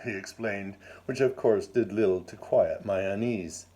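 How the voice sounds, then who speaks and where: Low mellow guy reading his story, formal and wry. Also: a little slow, few pauses. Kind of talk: first-person storybook narration.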